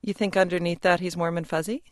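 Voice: mid-range voice, little pitch movement, quick pace, dry recording. A radio host reads wry scripted introductions and asks questions in a mid-range voice. The sound is close and dry, like a studio booth. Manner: crisp, wry news delivery. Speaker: radio interviewer. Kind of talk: radio interview and scripted narration.

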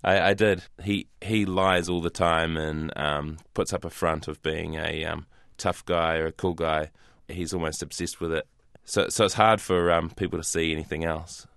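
Deep-voiced New Zealand man, dry delivery. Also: little pitch movement, moderate pace, few pauses, smooth, no echo. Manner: dry, hesitant, laughs softly. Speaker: guest actor and comedian. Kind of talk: interview conversation.

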